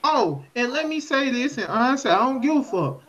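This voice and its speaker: A man's voice: very high voice, animated, a little fast, fairly bright tone, muffled recording. A man co-hosting a podcast in casual chat, emphatic and profane, often circling back to repeat his points. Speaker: podcast co-host.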